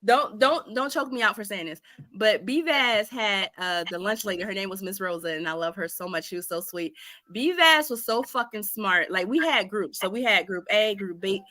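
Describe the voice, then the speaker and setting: A woman from Ohio telling a story on a casual podcast, animated and laughing as she goes. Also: mid-range voice, moderate pace, dry recording. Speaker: podcast co-host.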